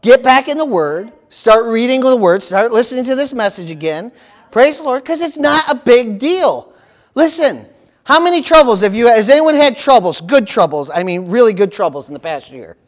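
A man preaching a sermon in a church, lively and playful, acting out panicked voices and calling out to the congregation. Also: extremely high pitch, normal speed. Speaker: pastor.

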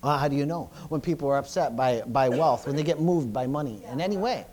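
A middle-aged male pastor preaching a sermon, often stumbling and repeating words, swinging between loud bursts and quiet asides. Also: mid-range voice, lively intonation, fast talker.

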